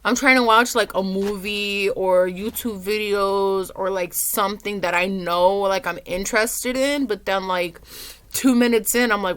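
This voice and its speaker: A young woman vlogging at home, low and teary, rambling with lots of "like". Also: fairly even intonation, a little slow, a bit bright, clear, resonant tone, no room sound. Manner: rambling, says "like" often. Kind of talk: casual confessional vlog.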